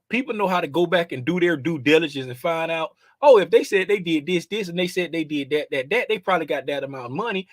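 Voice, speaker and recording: A man's voice: on the high side, sharp tone, dry recording. A man in his fifties hosting a casual trading livestream, joking and slangy and laughing often. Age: 50s.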